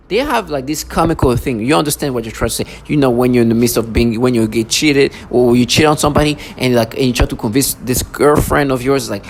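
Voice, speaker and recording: A man's voice: medium pitch, gravelly. A man in an angry vlog monologue, ranting and agitated, stumbling over restarts. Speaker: vlogger. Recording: noisy recording.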